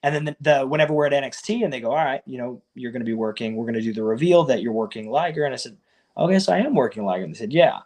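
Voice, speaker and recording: Animated man telling wrestling stories. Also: medium pitch, racing, few pauses. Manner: animated storyteller, acts out quoted exchanges. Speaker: guest, professional wrestler. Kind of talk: casual interview storytelling.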